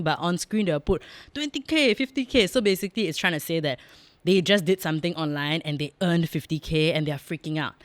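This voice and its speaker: A woman's voice: lowish voice, dry recording. A woman with a Singaporean accent hosting her own podcast in a studio, talking frankly and jokingly and laughing often. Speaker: podcast host. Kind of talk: casual chatty monologue. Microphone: close studio mic.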